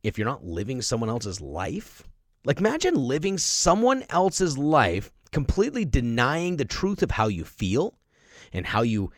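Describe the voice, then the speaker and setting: A man's voice: medium pitch, huge pitch swings, unhurried, no echo, studio quality. A middle-aged man hosting a podcast, speaking emphatically in a motivational monologue and acting out the voices of people he quotes. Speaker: podcast host.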